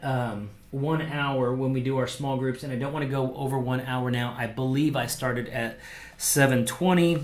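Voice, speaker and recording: A lively man teaching a small-group Bible lesson, his voice sitting a little high for a man. He talks casually and bursts into acted-out quotes. The sound rings in a roomy, echoey space. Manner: animated, acts out quotes, conversational fillers. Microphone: microphone, streamed to viewers.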